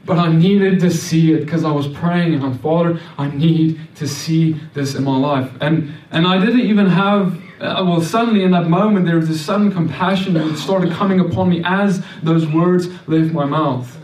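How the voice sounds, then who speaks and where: A man's voice: a little high, normal speed, few pauses, darkish tone. Earnest man telling his faith story. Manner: earnest storytelling with frequent restarts and repeated words. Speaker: speaker sharing a testimony. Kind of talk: personal faith testimony. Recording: roomy echo, mic at a distance.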